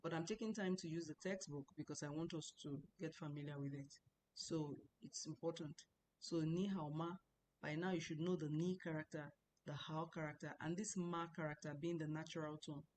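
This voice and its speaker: A woman's voice: deep voice, fairly even intonation, moderate pace, darkish tone, slight background noise. A woman teaching an online language class, patiently repeating words and tones many times over, explaining as she goes. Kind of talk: online lesson. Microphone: computer mic, speaking to a screen.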